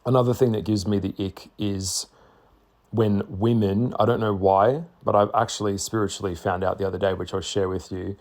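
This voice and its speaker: A man talking bluntly to camera in a casual monologue, swearing freely and stressing his points with slow, repeated words. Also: low voice, steady tone, darkish tone. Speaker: spiritual vlogger.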